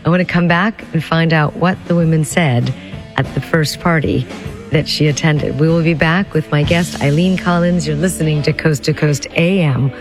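A woman hosting a radio talk show, encouraging her guest with quick affirmations. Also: deep voice, fairly even intonation, music in the background. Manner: encouraging, many short affirmations. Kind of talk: radio interview.

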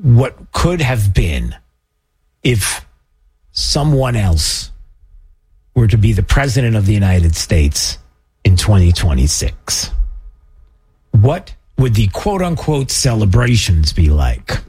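Husky guy hosting talk radio, exasperated, keeps restarting his sentences. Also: on the low side, big pitch swings, takes it slowly, pauses often, darkish tone. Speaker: radio talk show host. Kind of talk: call-in talk radio commentary.

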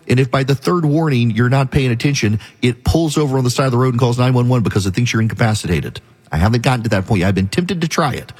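Male radio talk host, husky, quick, emphatic monologue, mid-pitched. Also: darkish tone. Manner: emphatic, repetitive, conversational ranting. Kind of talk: opinionated monologue.

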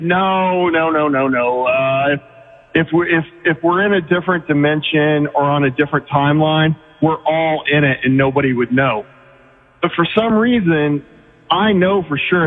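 A man from Oregon calls in to a radio show and rambles earnestly. His voice is slightly high and comes through a narrow phone line with a long reverb tail. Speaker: caller. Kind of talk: call-in radio conversation.

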